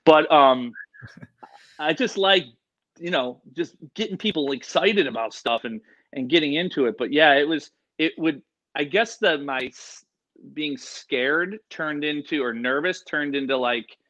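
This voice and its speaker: Bright, excitable man telling stories. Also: fairly high pitch, measured pace. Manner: excitable, rambling, lots of fillers and quoted voices. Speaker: guest, animal expert. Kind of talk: excited storytelling in casual interview. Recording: dull lo-fi sound.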